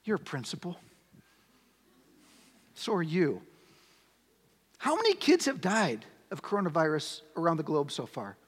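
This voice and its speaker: A man's voice: on the high side, sing-song, unhurried, pauses often, slightly rough. A man preaching a sermon as a pastor, conversational, asking the congregation rhetorical questions. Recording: long hall reverb.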